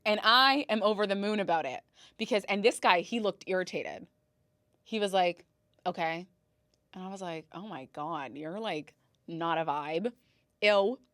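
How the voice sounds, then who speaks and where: A woman's voice: medium pitch, a bit bright, no room sound, studio quality. A young woman hosting a podcast, telling stories in a casual, dramatic way, swearing and gasping for effect. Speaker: podcast host. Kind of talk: casual storytelling monologue.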